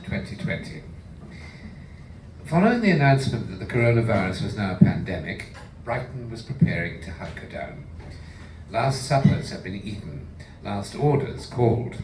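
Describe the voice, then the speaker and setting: A man reading a chapter of a novel aloud at a live event, with expressive delivery. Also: on the low side, moderate pace, slight background noise. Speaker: reader at book launch. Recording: roomy hall, mic far off.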